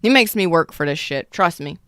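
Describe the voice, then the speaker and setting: A woman in her thirties talks through a tarot reading in a blunt, emphatic way, swearing freely as she goes. Her voice sits on the low side and sounds smooth and clear. The sound is dry and close. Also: animated, brisk, a bit bright, no room sound. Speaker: tarot reader.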